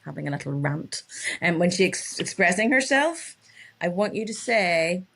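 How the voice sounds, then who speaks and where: A woman's voice: fairly low pitch, big pitch swings, normal speed, a bit bright. A woman, a relationship coach telling stories in a casual interview and acting out her clients' lines.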